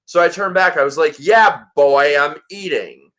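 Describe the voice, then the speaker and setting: A man hosting a casual livestream chat, telling a story in an animated way and swearing freely. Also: a little high, normal speed. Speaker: host.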